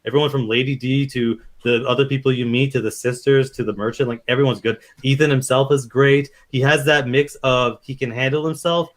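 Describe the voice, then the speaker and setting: A young man co-hosting a podcast, giving casual game opinions, animated and profane, acting out quotes. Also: mid-range voice. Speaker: podcast co-host. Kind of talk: casual review chat.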